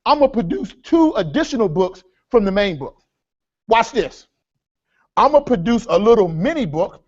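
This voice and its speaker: A man leading a live workshop seminar, energetic and repetitive, with a preacher-like cadence as he addresses the audience as folks. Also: sits high, moderate pace, breathy edge, highs cut off. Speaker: workshop speaker.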